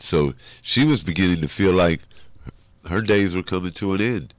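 A man with a strikingly low voice, speaking as an interview guest. He tells a personal story with feeling, slipping into the voices of the people he quotes. The sound is dry and close, with no room around it. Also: normal speed, dry recording. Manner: animated storyteller who acts out quoted voices.

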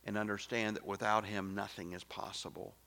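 A middle-aged male pastor preaching a sermon, emphatic and swinging from soft, low asides to loud exclamations. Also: flat delivery, a little fast.

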